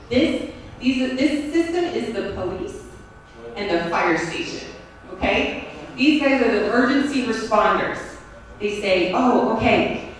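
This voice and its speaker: A woman's voice: fairly high pitch, slight background noise. A woman giving a classroom lecture on teaching and the brain, talking in a conversational way and often checking in with "right?" and "okay?". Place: lecture room at a school. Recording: very echoey room, mic far off.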